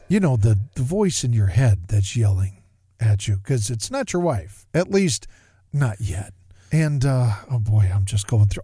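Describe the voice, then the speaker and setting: A man's voice: mid-range voice, sing-song, measured pace, dark tone, slightly rough, no room sound, studio quality. A middle-aged man hosting a talk show, telling a personal story in a rambling, self-deprecating way, often stumbling over and repeating words.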